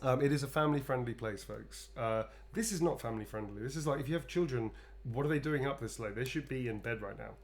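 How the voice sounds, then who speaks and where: Speaking fast with few pauses, a man with a medium-pitched voice draws requested sketches on a livestream. The tired actor rambles playfully in casual chat and addresses his viewers as darlings.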